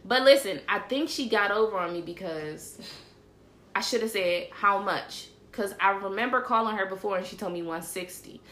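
A woman hosting a casual livestream show, chatting in an animated way and calling her audience y'all. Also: mid-range voice, normal speed. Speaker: show host. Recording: roomy echo.

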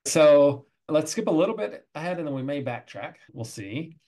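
A woman's voice: deep voice, animated, moderate pace, warm tone. A woman interviewer and former instructor, friendly and affirming in a casual conversation.

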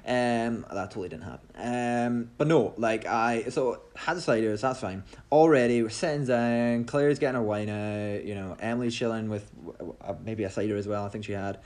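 A man's voice: mid-range voice, moderate pace, few pauses, darkish tone. A man co-hosting a podcast, rambling through a self-mocking story in casual chat with many restarts. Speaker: podcast co-host.

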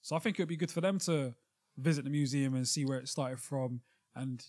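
A man's voice: mid-range voice, brisk, darkish tone. A man, a podcast co-host arguing his point in casual banter and pressing with questions.

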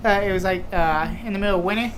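A man casually telling school stories as a podcast guest, pausing often with fillers. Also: high-pitched, a bit bright, slight background noise. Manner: hesitant, many fillers. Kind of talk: casual chat, storytelling.

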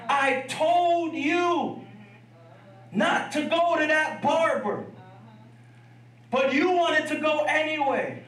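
A man's voice: very high-pitched, animated, takes it slowly, pauses often, fairly bright tone, roomy sound, recorded from a distance, pitched above the performer's own voice, full character voice, poor audio. A man voicing his stern, unsympathetic Caribbean father, scolding his son during a sermon story.

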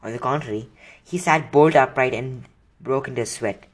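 A man's voice: medium pitch, moderate pace. A man reading a children's book aloud, casually, with slips and restarts. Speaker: reader.

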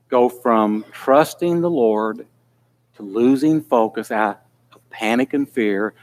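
A man preaching a sermon in an earnest manner that builds to pleading intensity. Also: medium pitch.

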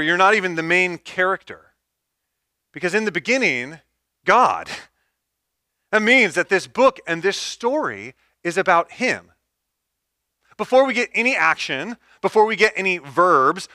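A man's voice: high-pitched, sharp tone, no room sound, clean studio sound. A man preaching a sermon, stepping through numbered points and repeating key phrases for emphasis. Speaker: pastor.

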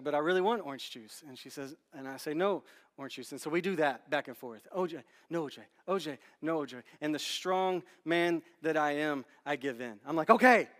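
A male pastor in his thirties preaching in a church with a slightly high voice. He tells a candid, self-deprecating story, talking animatedly and restarting often. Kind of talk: storytelling sermon. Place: church sanctuary.

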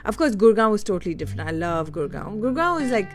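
A woman talks through her own memories in a candid, thoughtful monologue. She pauses and restarts as she looks for the right words. Her voice sits at a middling pitch, and gentle guitar music plays faintly in the background. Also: very animated. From India (Delhi). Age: adult. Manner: candid, reflective, searching for words. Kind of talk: personal storytelling monologue.

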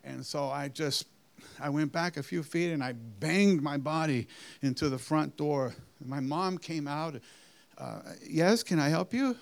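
A man with a slightly high, gravelly voice tells his personal testimony at an unhurried pace. His phrasing is deliberate and earnest, with small halting restarts. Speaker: storyteller giving a personal testimony. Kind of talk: slow, earnest spoken testimony.

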